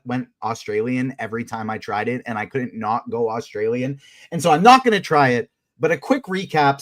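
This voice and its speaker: Chatty male podcast co-host. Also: mid-range voice. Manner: chatty, self-amused, stumbling restarts. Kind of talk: casual recap chat.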